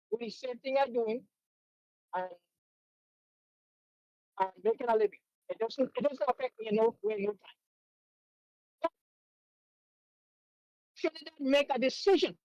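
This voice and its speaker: A man calling in to a talk show who speaks in a halting, hesitant way. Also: very high-pitched, a little mellow, no echo, lo-fi sound. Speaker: caller. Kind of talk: call-in opinion.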